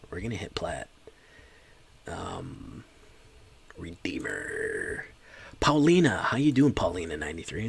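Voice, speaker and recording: Low gravelly male streamer. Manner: chatty, joking asides to chat. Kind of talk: casual game commentary.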